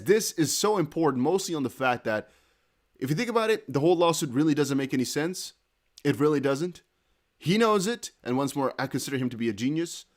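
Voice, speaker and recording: A man hosting a casual live crypto news stream, excitably thinking aloud as he reads viewer chat and posts. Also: fairly high pitch. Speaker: crypto news livestream host.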